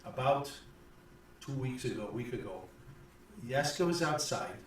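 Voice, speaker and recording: A man voicing a kindly older male village priest, gentle, earnest and halting. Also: mid-range voice, animated, a little hiss or hum, lightly acted. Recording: echoey room from far off.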